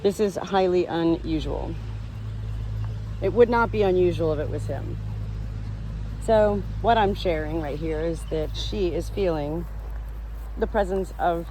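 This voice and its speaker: A woman's voice: on the low side, mellow, low-quality recording. Woman, earnest farm vlogger, talks to her animals, walking with phone, faint background noise. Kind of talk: spiritual farm vlog, talking to camera. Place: outdoors on a farm, then indoors with animals.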